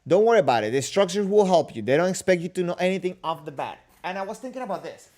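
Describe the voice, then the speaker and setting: A man's voice: sits high, animated, racing, darkish tone. A man hosting a casual livestream, answering viewer comments and questions in a rambling, joking way with many restarts. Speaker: kendo livestream host.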